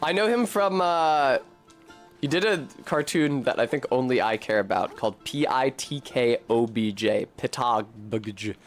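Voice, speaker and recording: A man's voice: mid-range voice, a little slow. A man giving casual, wry commentary as he streams a video game, swearing freely and chatting with his viewers. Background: game music.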